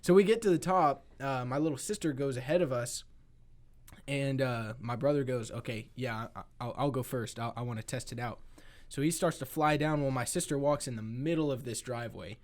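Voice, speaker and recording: A man's voice: mid-range voice, fairly quick. Man telling a rambling family story. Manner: rambling, animated storyteller acting out family quotes. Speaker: podcast co-host. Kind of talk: casual storytelling chat.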